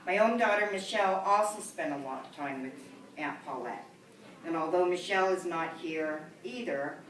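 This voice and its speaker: A middle-aged woman reading a prepared eulogy for her aunt, tender, with gentle humor and soft laughter. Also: on the low side. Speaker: niece giving a eulogy. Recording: echoey room, voice from a distance, faint background hum.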